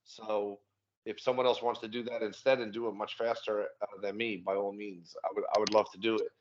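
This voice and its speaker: A man's voice: on the low side, flat delivery, fairly quick, muffled recording. A man talking as a podcast guest in easygoing casual chat, swearing casually.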